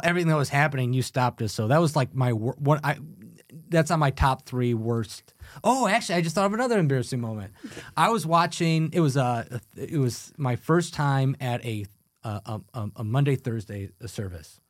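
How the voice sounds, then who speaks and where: A man telling funny stories as a guest on a podcast, animated and quick to laugh. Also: fairly high pitch, dry recording, clean studio sound. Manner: animated storyteller, laughs often. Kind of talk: casual chat.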